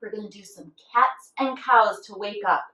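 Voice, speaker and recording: A woman leading a children's yoga class, giving gentle, encouraging instructions and now and then making playful animal noises. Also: medium pitch, normal speed, echoey room, recorded from a distance, poor audio. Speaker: kids' yoga teacher.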